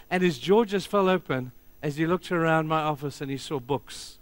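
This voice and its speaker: A middle-aged man preaching a sermon as pastor, telling stories emphatically and swinging between loud passages and hushed ones. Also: on the high side, normal speed, few pauses, no echo.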